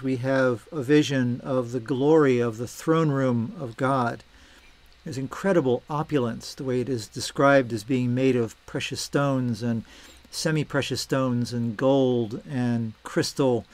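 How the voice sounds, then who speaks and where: A man giving a measured, reverent reading of scripture followed by a calm reflection, delivered deliberately for a church series. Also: mid-range voice. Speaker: church reader and teacher.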